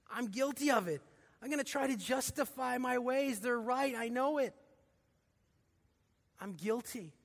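A man preaching a sermon, emphatic, with rhetorical questions, swinging between hushed and loud. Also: high voice, big-room sound. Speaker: pastor. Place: church.

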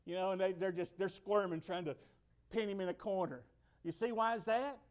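American guy preaching, pretty high voice, hammers the same lines over and over. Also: fairly even intonation, fairly quick. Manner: emphatic, repeats key phrases. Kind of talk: sermon.

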